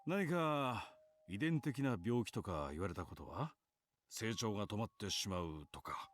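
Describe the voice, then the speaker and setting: A man voicing a calm middle-aged doctor in a visual novel, asking gentle, probing questions. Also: on the low side, a little fast, close to an everyday voice. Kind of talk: Japanese visual novel voice acting.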